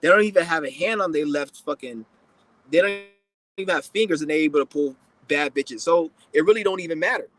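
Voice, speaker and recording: A man's voice: a little high, fairly quick, a bit bright, no echo, rough recording. A man giving a blunt, profane, rambling casual monologue as a podcast host.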